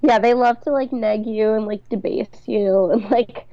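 A woman's voice: fairly high pitch, steady tone, normal speed, no echo, lo-fi sound. A young woman co-hosting a podcast, chatting bluntly and sarcastically about a TV episode. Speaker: podcast co-host. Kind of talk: casual episode recap chat.

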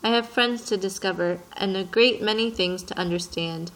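A woman's voice: medium pitch, normal speed, fairly bright tone, natural voice, rough recording. Woman reading as a polite, curious little prince.

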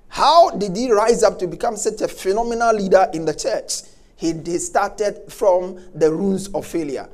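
Male preacher with a high-pitched voice and an emphatic, repetitive sermon delivery. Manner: emphatic, repeats key words, swings from quiet to loud.

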